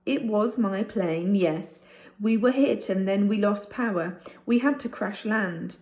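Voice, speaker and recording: A woman reading a storybook aloud, voicing a tired, polite stranded pilot who speaks haltingly. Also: medium pitch, darkish tone, close to an everyday voice. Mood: weary. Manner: halting, slow. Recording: roomy echo.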